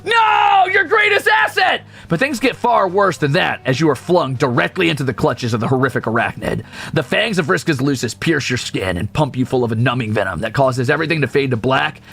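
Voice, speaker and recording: A man's voice: mid-range voice, lively intonation, brisk, vocal fry, a bit bright, slightly rough. A male streamer reading a game's story aloud, with sarcastic, profane asides. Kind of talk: game read-through with commentary.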